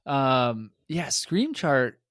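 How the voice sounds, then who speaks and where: A man hosting a podcast, chatting casually with playful, quick jokes. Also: medium pitch, very animated, fairly bright tone, no echo, clean studio sound. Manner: joking, playful, quick riffs. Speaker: podcast host. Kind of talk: casual conversation.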